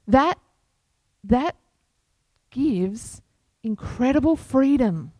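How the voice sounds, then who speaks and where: Slow-speaking woman preaching a sermon. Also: fairly high pitch, animated, darkish tone, dry recording. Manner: unhurried, earnest preaching with scripture quotes. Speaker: pastor.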